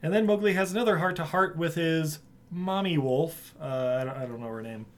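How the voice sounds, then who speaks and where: A man casually recapping a film plot for friends on a podcast, animated and laughing, with many restarts. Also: on the high side, fairly quick. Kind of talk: casual chat.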